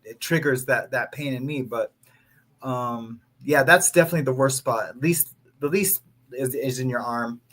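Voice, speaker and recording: A man's voice: mid-range voice, normal speed, fairly bright tone. A man who works as a tattoo artist, chatting casually with many fillers. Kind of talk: casual chat.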